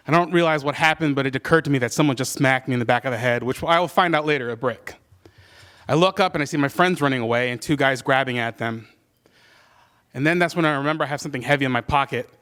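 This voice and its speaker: A man's voice: a little high, fairly bright tone. A man telling a personal story live, conversational and self-deprecating, with many fillers. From California.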